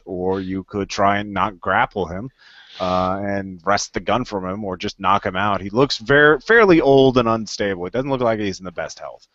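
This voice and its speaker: A man's voice: lowish voice, no room sound, highs cut off. Laid-back man running a tabletop game. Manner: relaxed, halting, many fillers. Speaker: game master.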